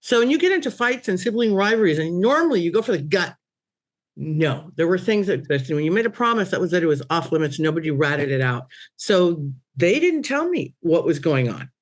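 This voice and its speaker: Animated woman telling a personal story. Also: fairly quick. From Cuban-American family. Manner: animated, voice rising high for quoted exclamations. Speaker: medium on a podcast panel. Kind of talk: casual storytelling.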